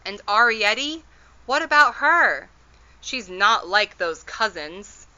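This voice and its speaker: A woman's voice: medium pitch, very animated, slow pace, pushed and bright, muffled recording, exaggerated voice. Woman voicing a fretful tiny borrower wife. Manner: fretful and pleading. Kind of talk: storybook read-aloud.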